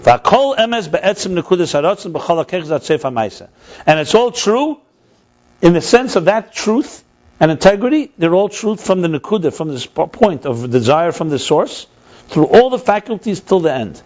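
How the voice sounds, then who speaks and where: Teaching a text study class, this rabbi speaks with animation, slipping Hebrew terms into his explanations while repeating and restarting words. His voice sits high, his speed is normal, and the audio is dull.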